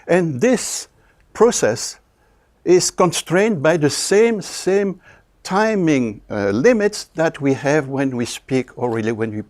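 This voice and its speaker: A man's voice: a little high, animated, a little mellow. Hesitant French-accented older male lecturer. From France. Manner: halting, many fillers and throat clearing. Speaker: linguistics professor. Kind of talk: university video lecture.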